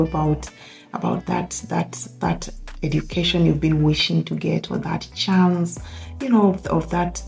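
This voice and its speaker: A woman hosts her own podcast in a deep, mellow voice with a gravelly edge. She talks earnestly and emphatically, circling back and repeating words as she works through a thought. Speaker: podcast host. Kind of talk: reflective solo talk.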